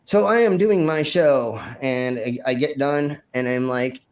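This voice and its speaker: A man's voice: medium pitch, a little slow, hardly any pauses. A man hosting a stream, telling a wild story from his past in a rambling, profane way with many fillers and restarts. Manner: acts out his own shouted lines in the story. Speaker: stream host. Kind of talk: casual storytelling.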